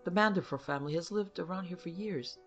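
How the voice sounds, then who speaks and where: Woman voicing a brisk ex-cavalry officer. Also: fairly low pitch, a bit bright, dull audio, faint music behind, pitched above the performer's own voice, close to an everyday voice. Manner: direct, questioning. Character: former cavalry officer, adult man, brisk.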